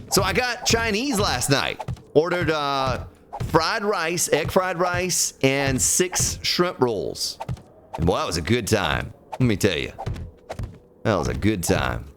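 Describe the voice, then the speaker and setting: A man's voice: medium pitch, sing-song, takes it slowly, background noise. A man chatting casually and ramblingly while streaming a building game. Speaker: gaming streamer. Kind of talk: casual let's-play commentary.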